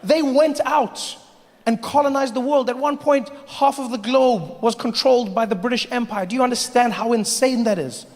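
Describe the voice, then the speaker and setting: A man from Africa doing stand-up comedy, animated and mocking as he builds to each punchline. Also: extremely high pitch, normal speed. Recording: live hall with audience.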